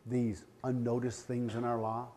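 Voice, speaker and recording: A man, giving a live training talk as a law enforcement trainer, animated and joking, calling out questions to the crowd. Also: medium pitch, normal speed. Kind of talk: live seminar talk to an audience. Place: room with a live audience.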